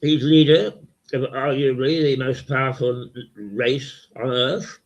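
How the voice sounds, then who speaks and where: An older man from hosting a local webcast, talking in a slow, rambling, croaky voice full of fillers. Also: medium pitch, fairly even intonation. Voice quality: croaky, gravelly voice. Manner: slow, halting, many fillers and repeats. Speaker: local TV host. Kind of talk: rambling casual monologue. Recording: dull lo-fi webcast audio.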